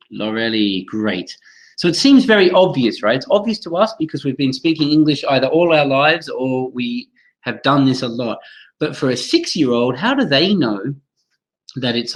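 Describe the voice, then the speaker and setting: A man's voice: mid-range voice, rough recording. A man running a live webinar for teachers, speaking enthusiastically, calling on attendees by name and modelling pronunciation aloud over a computer mic. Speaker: teacher trainer hosting a webinar.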